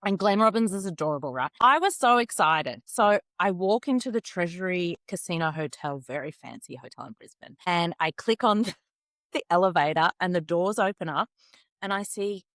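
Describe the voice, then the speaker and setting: A woman co-hosting a podcast, telling stories in an animated way and acting out what people said. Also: on the low side, normal speed, dry recording. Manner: animated storyteller, acts out voices. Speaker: podcast co-host. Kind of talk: casual chat.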